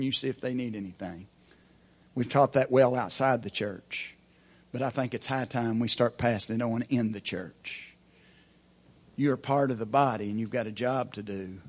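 A man preaching a sermon from the pulpit as pastor, folksy and plain-spoken, asking the congregation rhetorical questions. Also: medium pitch. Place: church pulpit.

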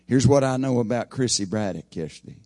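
Preacher with dramatic swings. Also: male voice, medium pitch, brisk, no echo. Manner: dramatic preaching that swells loud then drops quiet. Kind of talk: sermon.

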